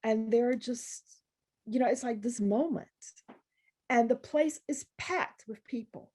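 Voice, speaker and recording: This woman, a poet visiting a university event, has a husky, somewhat high voice and speaks at a measured pace. She recounts a story with lively, chatty energy and imitates other people's voices as she goes.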